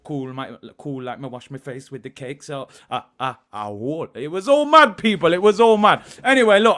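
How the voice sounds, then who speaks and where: A man in his early thirties, possibly, hosts a live football stream. His voice sits high and bounces around a lot as he shouts out viewers and reads their super chats. The chat is loose and streetwise. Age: 30s. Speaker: host of a football watch-along stream.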